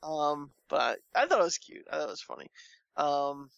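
Man, podcast co-host, gravelly voice, casual chat, dull lo-fi dry recording. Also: a little high, very animated, moderate pace, a bit bright, no echo. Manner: laid-back, tired late-night talk with frequent fillers.

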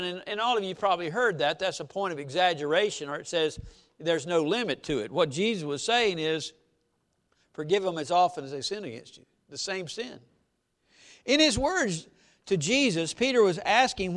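A man delivers a sermon in a church, his voice pitched high for a man. He preaches in a folksy, conversational way, tossing rhetorical questions at the congregation. His pitch leaps up and down all the way through. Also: expressive, moderate pace, a bit bright. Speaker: pastor.

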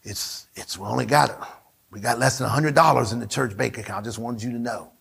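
A man doing a deep, mumbling old accountant. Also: fairly quick, creaky, fairly bright tone, breathy edge, exaggerated voice. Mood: worried. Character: slow, mumbling male church accountant.

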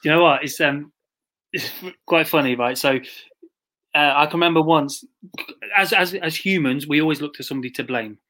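A man with a slightly high voice, recounting stories on a podcast. He talks in a chatty, laughing way and quotes others as he goes. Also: moderate pace, pauses often, sharp tone. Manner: chatty anecdotal storytelling with laughs, quoting others. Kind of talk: casual podcast chat.

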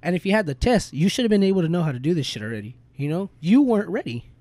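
A man's voice: high-pitched, sing-song, racing, dark tone, dry recording. A young man in casual podcast chat, venting in a heated, profane, slangy way.

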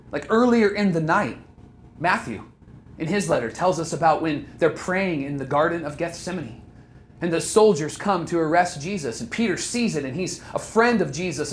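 A man's voice: fairly high pitch, slight background noise. A man preaching a sermon, talking earnestly and putting direct questions to the listeners. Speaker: pastor.

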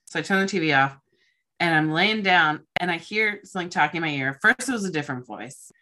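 Young woman rambling excitedly, a bit low. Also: moderate pace. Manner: rambling, excitable storytelling with casual swearing. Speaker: podcast host. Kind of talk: casual chat.

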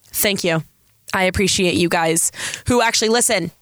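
Rambling and making jokes at her own expense, a young woman from San Diego, California, runs a casual solo podcast in a voice that sounds Valley girl. Her voice is fairly low and a bit bright, at a normal speed, with no room sound.

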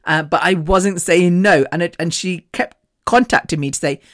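A woman's voice: fairly low pitch, moderate pace. A woman hosting a podcast, telling a personal story in a frank, chatty way and laughing often between sentences. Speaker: podcast host. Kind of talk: casual storytelling monologue.

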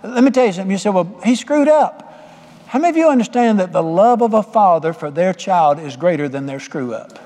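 High-voiced man preaching, long hall reverb. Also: lively intonation, brisk, warm tone. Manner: folksy storytelling with direct questions to the congregation. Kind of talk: sermon.

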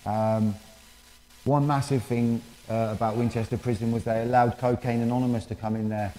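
Mellow man, echoing church. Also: medium pitch, little pitch movement, slight background noise. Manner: candid, halting, many fillers. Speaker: speaker giving a testimony. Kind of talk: personal testimony in church. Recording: reverberant church hall.

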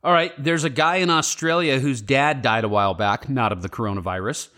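A man's voice: medium pitch, fairly quick, pushed and bright. A man co-hosting a casual podcast, reading out feel-good news stories in an upbeat way and laughing easily. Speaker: podcast co-host. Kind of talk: casual chat.

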